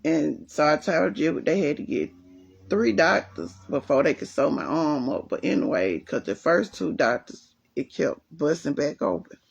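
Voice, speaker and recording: A woman hosting a casual livestream from home, chatting and reading viewer comments while telling a story in a lively way. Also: deep voice, normal speed, vocal fry, slightly rough, lo-fi sound. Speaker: livestream host. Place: at home, resting with leg elevated.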